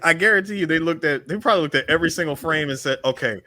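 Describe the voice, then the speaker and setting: A man's voice: on the high side, very fast, bright, forceful tone. A man co-hosting a podcast, joking playfully in casual chat. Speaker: podcast co-host.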